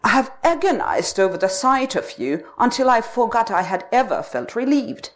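A woman's voice: a little high, big pitch swings, normal speed, a little hiss or hum, voice pushed up. A woman reading the lines of a bold, defiant young wife, impassioned and mocking. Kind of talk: storybook reading.

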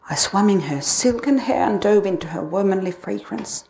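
A woman narrating a dark first-person literary story, expressive and dramatic. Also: mid-range voice, normal speed, creaky, hardly any pauses, a little hiss or hum.

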